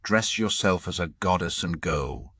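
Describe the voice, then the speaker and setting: A man voicing a fierce, stubborn young goddess who flatly refuses in a storybook reading. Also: low-pitched, measured pace, no room sound, clean studio sound, heavily acted. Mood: defiant. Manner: insistent, defiant refusals.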